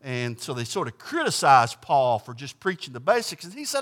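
A man's voice: medium pitch, sing-song, moderate pace, hardly any pauses, fairly bright tone. A man preaching a conversational sermon, reading scripture aloud and explaining it in a folksy, emphatic way, often restarting his sentences. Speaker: pastor.

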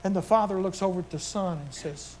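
Fervent older male preacher, high voice. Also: a little fast, a little mellow, a little hiss or hum. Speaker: pastor. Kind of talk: sermon.

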